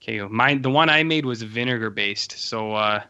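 Canadian man, podcast co-host, bright and sharp tone, joking rambly delivery, slightly muffled recording. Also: fairly low pitch, moderate pace. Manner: joking, rambling with many fillers. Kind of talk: casual chat.

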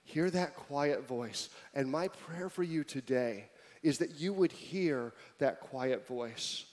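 A man delivering a sermon from a church stage, his voice sitting a little high for a man. He moves between loud, emphatic preaching and soft, almost whispered passages, with playful asides to the congregation. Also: lively intonation, takes it slowly. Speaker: pastor.

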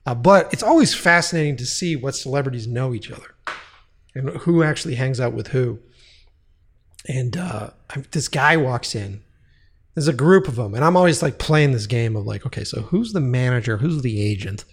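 A man's voice: medium pitch, animated, normal speed, breathy edge. A man telling a long casual story, profane and rambling, with frequent restarts.

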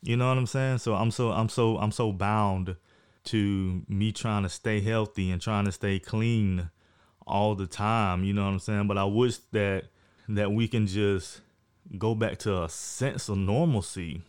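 A man's voice: on the low side, steady tone, a little slow, clear, resonant tone. A man hosting a casual podcast monologue, talking in a laid-back, frank and profane way. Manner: laid-back, frank and profane, often says "you know what I'm saying". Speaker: podcast host.

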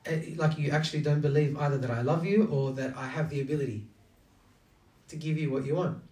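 The preacher here is a man whose voice is a little high and darkish, with a steady tone and a fairly quick pace. His sermon is conversational and engaging, packed with rhetorical questions, and it's recorded at a distance in an echoey room.

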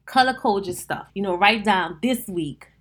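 A woman with a New Orleans accent, a wedding planner hosting a casual solo podcast, chatting straight to her listeners in an animated, down-to-earth way. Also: mid-range voice, moderate pace.

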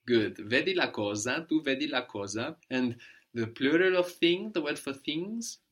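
A man's voice: medium pitch, expressive, moderate pace, fairly bright tone. A man teaching a language lesson, explaining patiently step by step and checking in with "no?".

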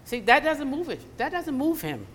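A woman's voice: high-pitched, sing-song, moderate pace, fairly bright tone. Woman preaching in a reverberant church. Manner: conversational preaching with acted asides. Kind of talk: sermon. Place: church sanctuary. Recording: long hall reverb.

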